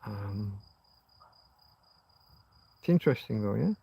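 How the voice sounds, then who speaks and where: A middle-aged man from Yorkshire, speaking with the local accent, hosts a laid-back livestream chat, meandering and musing as his thoughts drift. His fairly low voice is creaky, dark and slightly rough, expressive yet slow.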